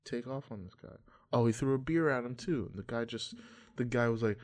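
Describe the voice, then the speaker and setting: A man's voice: fairly low pitch, moderate pace, a little mellow. A man rambling through a casual monologue, offhand, meandering and full of swearing.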